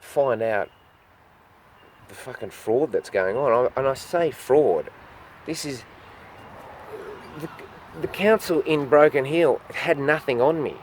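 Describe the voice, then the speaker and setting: Here the Australian man with the goat, a street performer, talks slowly and pauses often in his mid-range voice. Addressing the camera directly, he spins a long, meandering story full of swearing and impressions of what others said, over a faint hiss or hum.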